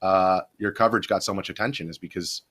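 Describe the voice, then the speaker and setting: Low-voiced man telling a long story. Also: fast, a bit bright, slightly rough. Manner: rambling, with many "like" fillers and restarts. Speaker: video journalist. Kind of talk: casual storytelling in a podcast interview.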